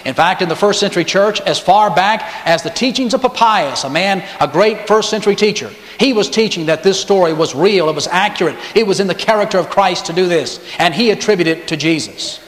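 Storytelling preacher in an echoey hall. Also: male voice, sits high, a little fast, hardly any pauses. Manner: storytelling preacher, acts out quoted voices. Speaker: pastor. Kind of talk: sermon.

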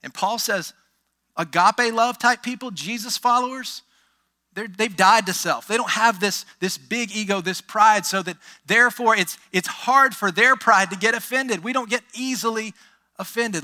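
A man's voice: sits high, moderate pace, sharp tone. A man, a pastor, preaching a sermon in an emphatic way, with rhetorical questions and exclamations.

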